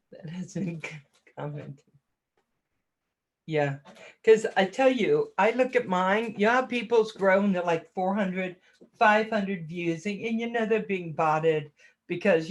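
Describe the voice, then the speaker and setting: Woman, livestream host, casual chat, self-deprecating, laughs often, greets viewers. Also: fairly low pitch.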